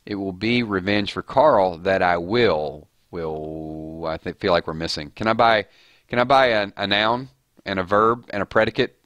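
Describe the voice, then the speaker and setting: A man hosts a loose, playful livestream, reading viewer comments aloud and weighing in on each one. His voice is bright and forceful, a little on the low side, and it sits dry and close to the mic. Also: normal speed, dry recording. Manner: playful, reads chat rhymes aloud and judges them. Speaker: livestream host.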